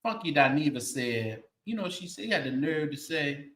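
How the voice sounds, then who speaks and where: A man hosting a commentary show, talking in a sassy, animated way with sighs and laughing asides. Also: fairly high pitch, moderate pace, reverberant. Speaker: show host.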